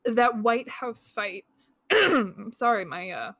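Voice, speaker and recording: A woman's voice: a little high, big pitch swings, slow pace, a bit bright, no echo. A woman with a stuffed-up nose co-hosting a casual film review podcast, talking fluently and with enthusiasm. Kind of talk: casual movie review chat.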